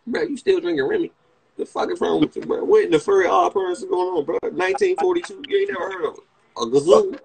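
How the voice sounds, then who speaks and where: With vocal fry and a slightly mellow quality, the young host's voice sits high and moves at a quick pace. Speaking with a Washington DC area accent, he mocks a guest on his livestream in a brash, profane, casual way. The audio is poor.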